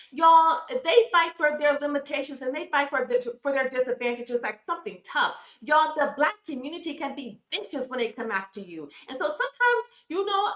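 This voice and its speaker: A woman's voice: on the high side, a bit bright, roomy sound. A woman hosting her own commentary vlog, talking to her viewers in a preachy, emphatic way and calling them "y'all". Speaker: YouTube commentary host.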